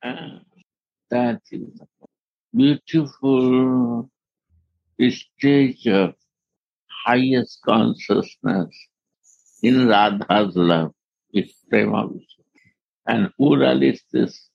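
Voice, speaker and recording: A man giving a devotional discourse as a spiritual teacher, in halting non-native English and laughing often. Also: lowish voice, gravelly, breathy edge, no echo, dull audio.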